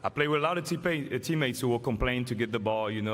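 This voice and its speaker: A man in his forties with a French accent delivers a heartfelt speech from a stage, pausing, restarting and slipping in playful asides. His mid-range voice rings out through a large hall with a long reverb tail. A faint murmur of ambience sits behind him. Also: medium pitch, fairly even intonation, a bit bright, slight background noise. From France. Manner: halting, many restarts and fillers, playful asides. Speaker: honoree giving an acceptance speech. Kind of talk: emotional public speech.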